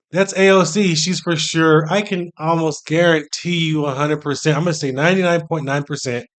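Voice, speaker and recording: A man's voice: a little high, fairly bright tone. A man hosting a reaction video, talking casually and sounding incredulous. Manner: incredulous and chatty. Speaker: reaction channel host.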